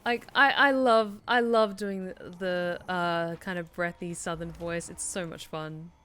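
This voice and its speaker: A woman's voice: fairly low pitch, steady tone, unhurried, fairly bright tone, clear, resonant tone. A woman streaming a game, thinking aloud in casual, hesitant chat full of fillers. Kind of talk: casual gameplay commentary.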